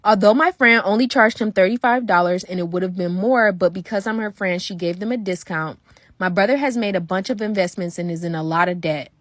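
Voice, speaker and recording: A woman reading a first-person story aloud in a steady, unhurried way. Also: mid-range voice, dry recording.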